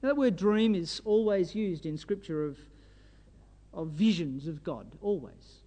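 A man preaching a sermon, exhorting his listeners fervently and pressing them with rhetorical questions. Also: fairly high pitch. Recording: long reverb of a hall.

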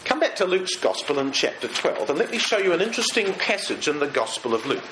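A man giving a Bible study to a live group, speaking in an animated way and putting rhetorical questions to his listeners. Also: a little high, fast, noisy background. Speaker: Bible teacher. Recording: echoey room, faint ambience.

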